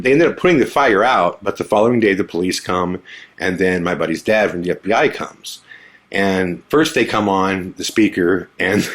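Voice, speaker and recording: Laughing, lower-voiced male podcast host. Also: gravelly. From Omaha area, USA. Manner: animated, laughs often, acts out quoted lines. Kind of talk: casual storytelling.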